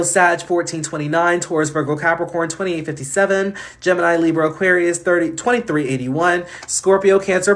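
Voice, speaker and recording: A man hosting a live stream, giving casual astrology readings in a chatty way, often laughing and reeling off chart placements. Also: on the high side.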